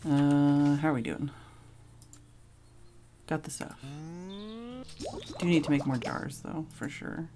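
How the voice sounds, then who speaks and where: A woman streamer making relaxed, wry asides while playing a game at her desk. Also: low-pitched, slow pace, long pauses, noisy background. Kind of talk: casual game streaming with read-aloud story.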